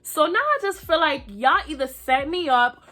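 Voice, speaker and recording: A woman's voice: high-pitched, animated, moderate pace, sharp tone, faint music behind. A young woman animatedly retelling a night out, acting out quotes and swearing freely. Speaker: vlogger telling a story. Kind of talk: animated storytime.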